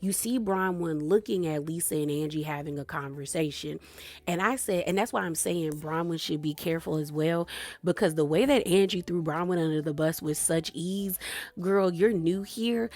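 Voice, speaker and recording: A woman's voice: on the low side, moderate pace, a little mellow. A woman recapping a reality TV episode in a chatty, gossipy way, laughing often and acting out what the cast said. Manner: chatty, gossipy, laughs often, retells scenes in character voices. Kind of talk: casual episode recap commentary.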